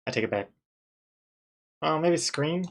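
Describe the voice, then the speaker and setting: A man streaming live as he works on a comic, talking casually with viewers and second-guessing his choices out loud. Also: on the high side, animated, a little slow, creaky, slight background noise. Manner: thinks aloud, second-guesses himself, chatty with viewers. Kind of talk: casual live-stream commentary while drawing.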